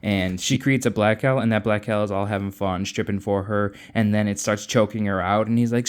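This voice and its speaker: A man's voice: lowish voice, steady tone, brisk, hardly any pauses, smooth. A man casually recapping a novel's plot in a chatty, offhand way, acting out quotes. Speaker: book recapper.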